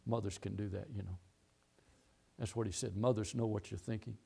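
A man's voice: fairly low pitch, steady tone, fairly quick, vocal fry, pauses often, mellow, husky. A middle-aged man preaching a sermon, telling a long story and repeating key phrases as he goes. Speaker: pastor.

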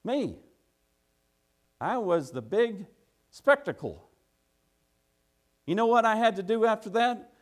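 A man preaching a sermon, telling a folksy work story that builds into loud, urgent preaching. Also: high-pitched, expressive, takes it slowly, pauses often.

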